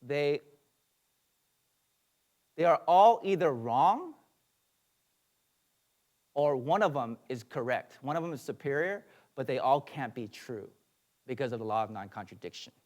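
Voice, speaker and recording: A man's voice: mid-range voice, animated, measured pace, long pauses, a little mellow. A man, a pastor, giving an earnest teaching sermon with fillers and personal asides.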